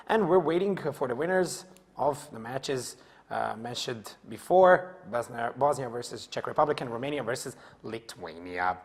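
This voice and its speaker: A man with a Serbian accent, a native Serbian speaker, hosting an esports analyst desk in a hesitant way, full of fillers and laughter. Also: medium pitch. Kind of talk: studio esports analysis chat.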